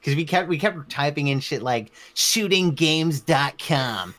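A man's voice: on the high side, animated, a little slow, a bit bright. A man chatting casually on a podcast, swearing constantly and rambling through memories. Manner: profane, rambling, frequent swearing.

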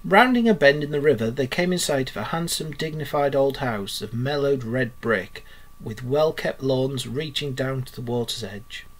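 A male primary school teacher reading a children's storybook aloud to his class in a steady, clear storytelling manner. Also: mid-range voice, normal speed.

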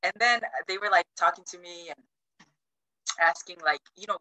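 A woman's voice: moderate pace, no room sound, poor audio. A woman from Chuuk in Micronesia, telling a travel story in a casual way on a video call. She acts out the quotes with big jumps in her voice and uses a lot of "like". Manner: animated, acts out quotes with big pitch jumps, many "like" fillers.

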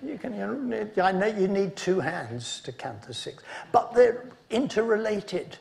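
A man giving an academic conference lecture, measured in delivery and dropping dry asides between points. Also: high-pitched, very animated, creaky, darkish tone. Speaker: conference speaker.

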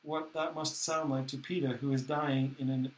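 A man reading a novel aloud in the first person, steady and plain, with small restarts. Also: medium pitch, normal speed. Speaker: audiobook reader. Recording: echoey room.

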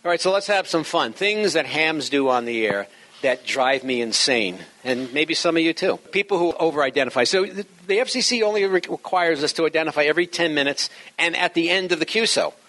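A middle-aged or older man giving a humorous instructional talk to radio hobbyists, joking and slowing down to stress his words. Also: on the high side, animated, bright, forceful tone. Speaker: speaker at an amateur radio talk.

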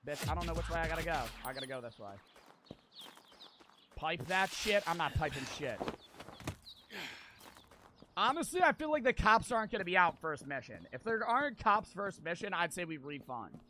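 A man's voice: on the high side, sing-song, moderate pace, pauses often, noisy background. A young man streaming a video game, chatting casually to his viewers, swearing and laughing as he plays. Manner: loud, swearing, talks to chat, laughs often. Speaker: gaming streamer. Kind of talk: casual let's-play commentary.

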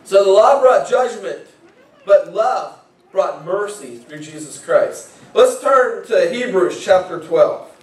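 A man's voice: high-pitched, animated, slow pace. A male pastor preaching a sermon in a conversational way, often repeating words as he starts a phrase. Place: church sanctuary. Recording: echoey church from far off.

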